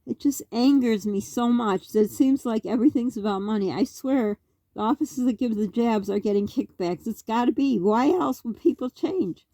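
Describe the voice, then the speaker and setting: A middle-aged woman from Canada, speaking on the high side at normal speed, sounds warm with no echo. Facing the camera, she rambles through an agitated vlog monologue brimming with rhetorical questions.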